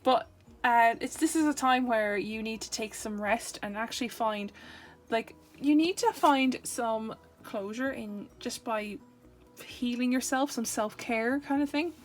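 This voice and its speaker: A woman's voice: on the high side, unhurried, soft background music. A woman giving a casual, chatty tarot reading to camera, playful and rambling, often correcting herself mid-sentence. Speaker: tarot reader.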